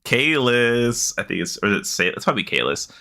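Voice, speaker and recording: A man co-hosting a casual gaming podcast from home, excitable, often gasping and laughing. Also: mid-range voice, brisk, gravelly. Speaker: podcast co-host. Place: home, sitting beside co-host.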